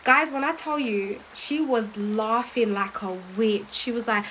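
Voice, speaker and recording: A woman, telling a story in an animated, emphatic way and reciting verses quickly. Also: on the high side, heavy background noise. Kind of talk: casual storytelling.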